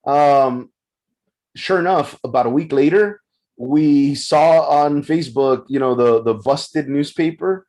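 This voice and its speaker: A man's voice: on the high side, measured pace, a little mellow. A man co-hosting a podcast, telling a story casually and animatedly, with frequent restarts. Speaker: podcast co-host. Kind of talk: casual discussion.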